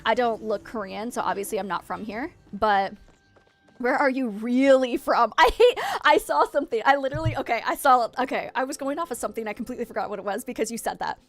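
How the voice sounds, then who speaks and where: A woman streaming and chatting casually with her viewers, frank and quick to vent. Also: on the high side, expressive, a bit bright, faint music behind. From United States.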